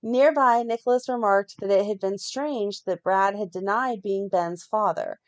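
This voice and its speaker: A woman co-hosting a fan podcast, reading a plot recap in a steady run and breaking off now and then to comment. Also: medium pitch, unhurried. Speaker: podcast co-host recapping a soap.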